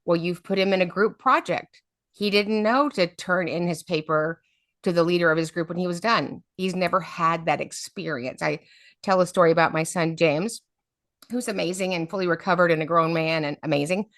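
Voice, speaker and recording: A woman's voice: fairly low pitch, moderate pace, dry recording, clean studio sound. A middle-aged woman, an advocate telling stories in an interview and often checking in with "right?". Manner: lively storyteller, often adds "right?". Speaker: special education advocate, guest. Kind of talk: storytelling interview talk.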